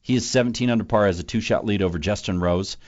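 A man with a low voice co-hosts a golf radio show. He mostly chimes in with quick, agreeable replies and reads out scores in a plain, steady way. The broadcast sound is dull and lo-fi. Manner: agreeable, brief backchannel replies. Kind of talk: casual sports radio chat.

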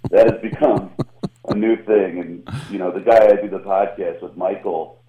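A young adult man from Atlanta with a slight Southern US accent, a guest comedian chatting in a casual interview, animated and self-mocking, heard over a phone line. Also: low voice, normal speed, a little hiss or hum. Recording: tinny phone line, echoey.

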